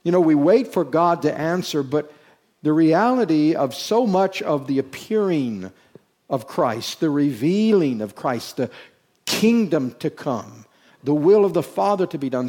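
A man's voice: fairly high pitch, animated, a little slow, dark tone. A man preaching a sermon as pastor, stressing his points by repeating phrases and asking rhetorical questions.

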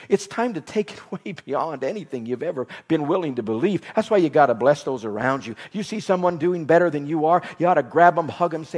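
A man preaching a sermon in emphatic, repetitive phrases, with soft instrumental music behind him. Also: fairly high pitch.

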